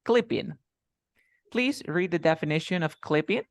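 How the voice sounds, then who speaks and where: A man's voice: fairly high pitch, lively intonation, normal speed, no echo, studio quality. A man whose first language is Spanish, teaching an English lesson in a casual style and explaining with many examples and repetitions.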